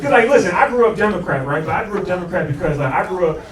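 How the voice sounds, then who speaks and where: A man's voice: sits high, lively intonation, very fast, far from the mic, very noisy. A young man doing a stand-up set in a comedy club, talking loose and brash with a lot of slang and swearing. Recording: roomy club sound, laughing crowd. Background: audience laughter.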